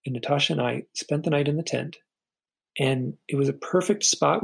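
A middle-aged podcast guest's medium-pitched voice is creaky with a breathy edge, captured on poor audio. He relates a personal story in an earnest, halting manner, frequently repeating the first word of a sentence.

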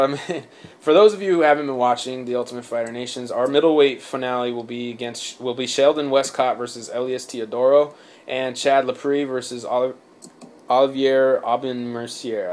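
A man's voice: mid-range voice, fairly even intonation, a little fast, a little mellow. A man hosting a casual sports podcast, rambling with many fillers, swearing and laughing often. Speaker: podcast host. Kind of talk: casual chat.

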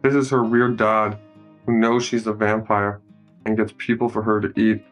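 A man's voice: fairly low pitch, flat delivery, moderate pace, soft background music. A man casually narrating a film scene by scene, joking and commenting as he goes. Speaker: movie recap narrator. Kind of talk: casual improvised movie narration.

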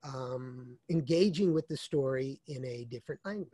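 Mellow-voiced man explaining calmly. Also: mid-range voice, husky, no room sound. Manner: measured, explanatory, often restarts phrases. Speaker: author being interviewed. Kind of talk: conversational interview.

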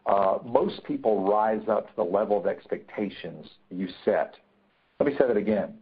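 Husky man teaching over a tinny line. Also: lowish voice, moderate pace. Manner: emphatic, repeats key points, many fillers. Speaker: negotiation trainer. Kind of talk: webinar teaching.

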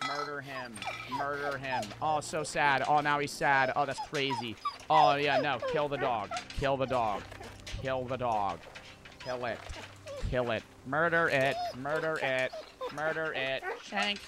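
Excitable, foul-mouthed young male streamer. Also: medium pitch, measured pace. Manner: excitable and profane, swinging into repeated shouted bursts. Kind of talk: live gameplay commentary. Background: game music.

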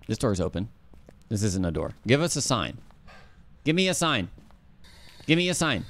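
A man's voice: fairly high pitch, very animated, moderate pace, long pauses, fairly bright tone. A man streaming a ghost-hunting game, chatting casually and calling out to the ghost and his teammate. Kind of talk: casual gameplay chat.

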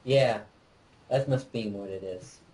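A man co-hosting a let's play, chatting casually and excitedly while directing his partner through a game. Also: fairly low pitch, a little slow, a little hiss or hum, poor audio. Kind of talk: casual gameplay chat.

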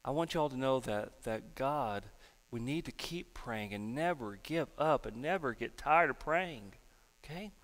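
A man's voice: mid-range voice, measured pace, long reverb tail. A male pastor giving a folksy children's sermon and prayer in a church sanctuary. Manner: animated storytelling, folksy.

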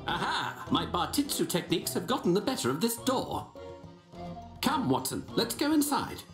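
A woman voicing a brisk, confident detective in a game, teasing and theatrical, with music and echo behind. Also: mid-range voice, sing-song, close to an everyday voice. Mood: wry. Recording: game audio, echoey with music.

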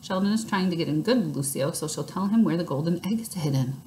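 A woman's voice: lowish voice, lively intonation, quick pace, dark tone, a little hiss or hum, natural voice. A woman voicing a bossy know-it-all little girl in a storybook reading, stern and scolding.

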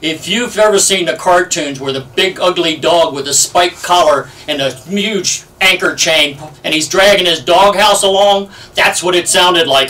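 A man in his seventies telling stories in an oral history interview, lively and full of fillers. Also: fairly high pitch. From United States. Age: 70s. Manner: lively anecdotal storyteller, many fillers. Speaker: Navy veteran interviewee. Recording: distant from the mic.

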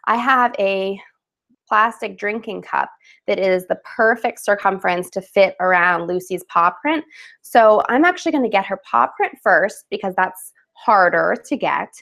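A woman's voice: medium pitch, expressive, normal speed, vocal fry, fairly bright tone. Upbeat chatty woman demonstrating a craft. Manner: chatty and upbeat, with laughs and fillers. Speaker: craft webinar host. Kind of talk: casual live craft demonstration.

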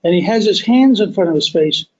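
A man's voice: sits high, expressive, brisk. Emphatic male history storyteller, dull audio. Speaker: podcast host.

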